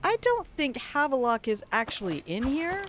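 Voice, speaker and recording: A woman's voice: high voice, sing-song, normal speed, background noise. An older woman streaming a video game live, chatting casually, swearing now and then and reading in-game notes aloud. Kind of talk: casual live gameplay commentary.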